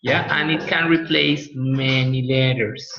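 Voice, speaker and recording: A man's voice: mid-range voice, fairly even intonation, measured pace, gravelly, sharp tone, slight background noise. A man teaching an online class, explaining patiently and repeating words to model pronunciation. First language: Spanish. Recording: echoey, dull lo-fi audio.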